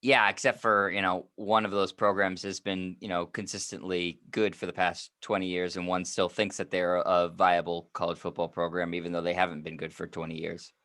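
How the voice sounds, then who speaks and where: Low-voiced joking podcast co-host, a man. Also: level tone, moderate pace, hardly any pauses, fairly bright tone. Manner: joking, wry, talks in asides. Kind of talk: casual sports podcast chat.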